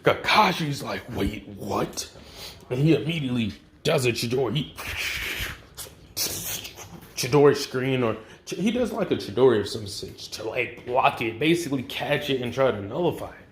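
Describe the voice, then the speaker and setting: A man's voice: mid-range voice, lively intonation, moderate pace, slight background noise. A man hosting his channel, casually telling a fan what-if story in loose, slangy talk full of fillers and swearing. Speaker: channel host. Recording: roomy echo.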